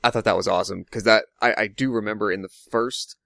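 Low gravelly guy rambling about a movie, lots of ums, dry close sound. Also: steady tone, quick pace, a bit bright, no room sound. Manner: rambling, thinks aloud with many fillers. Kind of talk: casual movie discussion.

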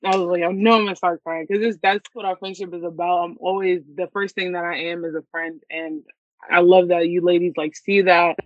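A woman's voice: fairly low pitch, little pitch movement, brisk, highs cut off. A tearful woman on a podcast gushes her thanks to her friends. The sound is dry and close, with no room echo. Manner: tearful, gushing. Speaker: podcast co-host. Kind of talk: casual emotional chat.

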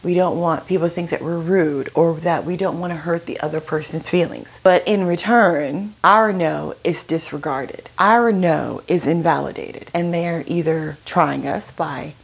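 A middle-aged woman hosting a solo podcast, telling stories in an animated way and acting out other people's voices. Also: fairly low pitch, vocal fry, husky. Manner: animated, acts out quoted voices with laughs. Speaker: podcast host.

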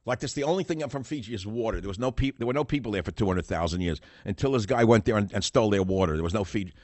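A man's voice: lowish voice, racing, a little mellow, no echo. A man hosting a political talk radio show, rambling and sarcastic, riffing through rhetorical questions.

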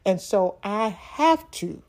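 A woman's voice: mid-range voice, expressive, slow, darkish tone. A middle-aged woman minister giving a personal testimony in an earnest way. She laughs often and repeats words when she stresses a point.

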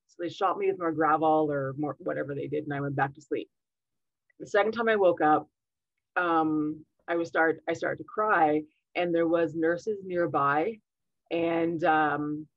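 A woman's voice: deep voice, dry recording, lo-fi sound. A woman, a podcast guest, telling a story over a remote call and acting out the voices of the people in it. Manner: animated, acts out quoted dialogue. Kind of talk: casual storytelling interview.

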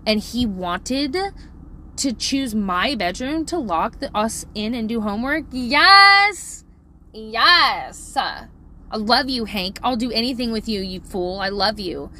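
A middle-aged woman telling a parenting story in a casual, animated, profane way, laughing often. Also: mid-range voice, measured pace, slight background noise.

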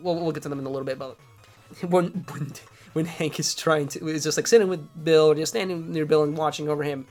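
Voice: mid-range voice, fairly even intonation, brisk, darkish tone, faint music behind. A podcast host recapping an episode in casual chat, rambling with many restarts.

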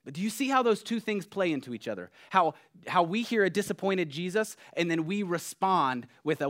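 Male pastor preaching, earnest and chatty, soft then emphatic. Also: sits high, sing-song, a little fast, few pauses. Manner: earnest, conversational, swings between soft and emphatic. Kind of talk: sermon.

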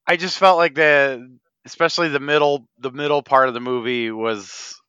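A man co-hosting a podcast, giving a measured, mildly critical opinion of a film. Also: mid-range voice, steady tone, bright, forceful tone, clean tone, no echo. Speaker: podcast co-host. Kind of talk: casual movie review chat. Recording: slightly dull lo-fi podcast audio.

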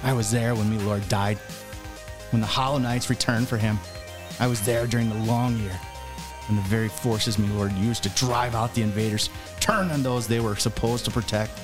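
Gruff Irish dwarf warrior, man performing, tabletop podcast, music bed. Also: mid-range voice, steady tone, moderate pace, natural voice. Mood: grim. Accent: Irish, put on. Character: gruff battle-worn male dwarf warrior. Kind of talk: tabletop game character monologue.

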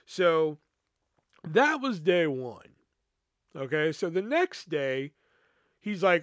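A man's voice: fairly high pitch, big pitch swings, slow pace, pauses often, dry recording. A man hosting a podcast, telling a rambling, profane story about an old job and acting out the people in it. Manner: rambling, profane, acts out quotes. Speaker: podcast host. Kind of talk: casual storytelling.

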